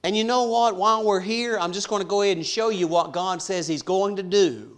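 A man preaching a sermon, swinging from hushed to loud and slowing down on key words. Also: high voice. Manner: dramatic swings from soft to loud, slows for emphasis.

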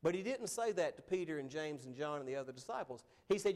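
A man's voice: fairly high pitch, lively intonation, quick pace, few pauses, darkish tone. A man preaching a sermon in an earnest, conversational way, his emphasis rising and falling as he goes. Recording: long hall reverb.

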